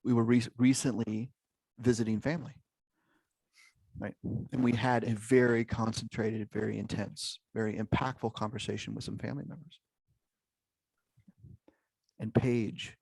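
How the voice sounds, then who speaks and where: Guy running a zoom workshop, middle pitch, keeps asking okay? right?, dry close sound. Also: creaky, darkish tone, breathy edge, dry recording. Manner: engaging, peppers talk with "okay?" and "right?". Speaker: workshop leader. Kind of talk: interactive online workshop.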